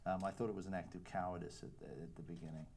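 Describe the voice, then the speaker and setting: A man on a screening panel who answers in a thoughtful, measured way, pausing with fillers. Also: low voice, little pitch movement, a little mellow, a little hiss or hum.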